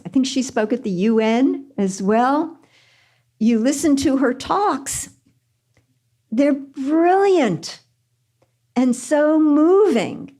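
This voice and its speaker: An older woman, a spiritual teacher, answering questions at a retreat. She tells stories gently and earnestly and repeats phrases for emphasis. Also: fairly high pitch. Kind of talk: spiritual Q&A talk with storytelling.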